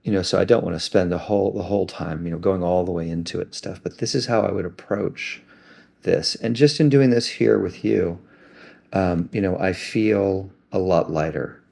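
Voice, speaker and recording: A man gently and reflectively talking through an emotional self-help practice. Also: deep voice, normal speed, creaky.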